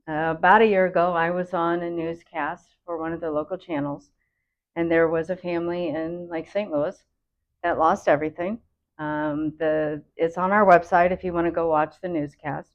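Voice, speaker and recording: A woman's voice: fairly low pitch, fairly even intonation, moderate pace, highs cut off. A woman host, a computer consultant, earnestly explaining a public safety warning.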